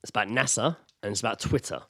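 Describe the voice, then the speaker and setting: A man's voice: on the low side, fast talker, sharp tone, no room sound. A man co-hosting a podcast, joking in casual chat with mock-indignant banter and swearing. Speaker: podcast co-host.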